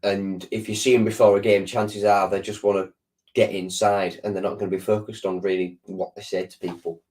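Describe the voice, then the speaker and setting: A man's voice: on the low side, flat delivery, fairly quick, darkish tone. A man with a sore throat, chatting casually on a live stream and answering viewers, rambling with lots of restarts and ums. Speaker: football fan channel host.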